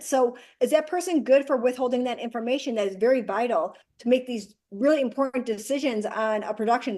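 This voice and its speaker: A woman in her forties, a guest actress, chatting in an interview in a direct, animated way. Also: a little high. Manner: direct, animated storyteller who acts out quoted dialogue. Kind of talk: casual interview chat.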